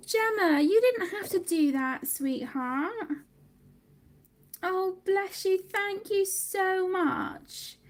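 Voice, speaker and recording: Woman host, thirties, high gravelly voice, chatty livestream talk reading out comments. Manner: chatty, reads viewer comments aloud. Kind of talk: casual livestream chat.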